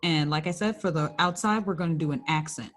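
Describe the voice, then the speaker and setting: A woman's voice: deep voice, brisk, soft background music. A young woman working for a library, teaching a small painting class in a casual, chatty way with lots of "like" and self-corrections. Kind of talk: casual craft tutorial.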